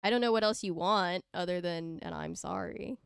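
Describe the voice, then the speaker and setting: A woman from Canada, hosting a casual podcast in a chatty, teasing way, quick to laugh. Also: fairly low pitch, vocal fry, clear, resonant tone, no room sound, clean studio sound. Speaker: podcast host.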